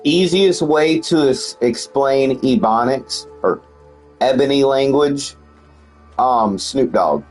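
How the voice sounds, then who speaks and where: A man's voice: mid-range voice, slow pace, faint music behind, poor audio. A man streaming a video game and chatting casually, joking and swearing a lot and laughing often. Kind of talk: casual gameplay commentary.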